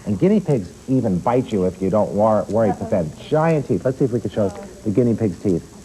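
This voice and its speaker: A man's voice: lowish voice, lively intonation, fairly quick, mellow, low-quality recording. A man appearing as a pet expert on a children's TV show, explaining animals and quizzing the children in the studio. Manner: explanatory, addresses children directly with questions.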